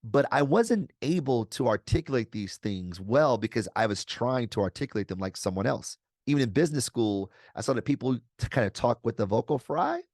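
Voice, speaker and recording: A man's voice: mid-range voice, expressive, brisk, few pauses, a little mellow, dry recording, clean studio sound. A man being interviewed as a guest author over a video call, speaking energetically and articulately with casual slang. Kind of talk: conversational interview answers.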